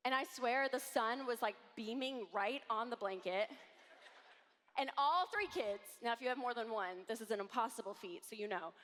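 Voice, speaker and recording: A woman in her thirties giving an animated conference talk to a live audience, acting out voices as she tells stories. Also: a little high, moderate pace, a little hiss or hum. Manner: animated, acts out quoted voices. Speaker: conference speaker. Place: large hall with audience. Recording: long hall reverb.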